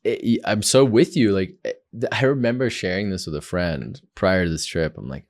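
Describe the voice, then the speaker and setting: Low-voiced reflective man, earnest podcast guest. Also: normal speed, few pauses. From South Africa. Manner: earnest and reflective, many "like" fillers. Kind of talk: casual conversation.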